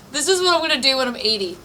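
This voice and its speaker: Bright, high-voiced giggly woman streamer. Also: a little hiss or hum, low-quality recording. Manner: giggly, swears freely, thinks aloud. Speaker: game streamer. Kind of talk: casual live-stream chat while playing. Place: apartment room.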